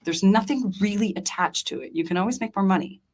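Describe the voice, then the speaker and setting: A woman's voice: mid-range voice, fast talker, darkish tone. A young adult woman, a diner owner and chef, talking earnestly and passionately as a podcast guest, with many fillers and restarts. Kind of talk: casual interview chat.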